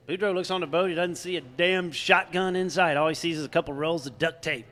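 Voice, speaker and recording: A man's voice: a little high, brisk, few pauses, fairly bright tone, big-room sound. A man from Louisiana, a podcast co-host, telling a joke casually and swearing freely. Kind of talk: casual chat.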